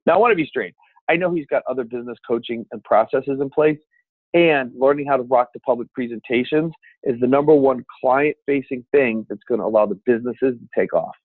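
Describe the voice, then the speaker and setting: A man teaching a seminar on speaking with an energetic, emphatic coaching delivery. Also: mid-range voice, fairly quick, no echo. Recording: dry, phone-like sound.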